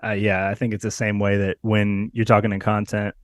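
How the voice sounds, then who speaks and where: A man's voice: fairly low pitch, flat delivery, fairly quick, no echo, studio quality. A man hosting a casual podcast interview, talking conversationally and asking follow-up questions, often rephrasing himself. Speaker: podcast host.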